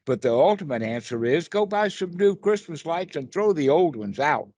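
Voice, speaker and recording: A man with a husky, breathy voice explains meditation in an unhurried, deliberate way. He talks over a video call in a dry, close sound with no room echo. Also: fairly high pitch, sing-song, a little mellow. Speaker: meditation teacher. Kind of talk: casual dharma chat on a call.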